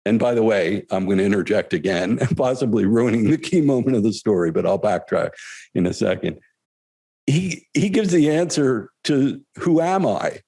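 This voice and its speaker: An older man telling spiritual stories in a thoughtful, reflective way, pausing often and chuckling as he goes. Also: on the low side, expressive, vocal fry, warm tone, breathy edge. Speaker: spiritual storyteller. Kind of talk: reflective storytelling talk.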